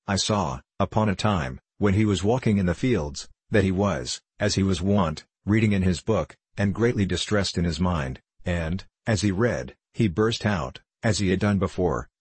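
A man narrating an old-fashioned story in a measured, formal way. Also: low-pitched, animated, breathy edge, no room sound. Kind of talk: audiobook narration of an old allegory.

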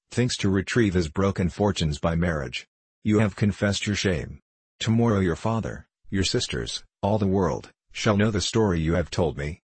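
Man reading as scornful old knight, harsh, very deep voice, husky, dry close sound. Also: dry recording. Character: furious proud old male knight.

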